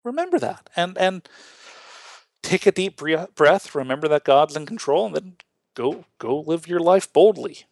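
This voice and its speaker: A man's voice: on the high side, big pitch swings, normal speed, vocal fry, a little mellow, dry recording. A man from Illinois hosting a Lutheran podcast, teaching in a casual chat with earnest, stammering restarts. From Illinois, USA.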